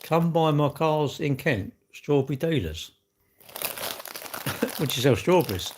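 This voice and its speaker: A man's voice: fairly high pitch, animated, slow, pauses often, a little hiss or hum. Rambling man livestreaming. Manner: rambling, chatty, greeting viewers by name mid-sentence. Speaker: livestream host. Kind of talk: casual live-stream chat.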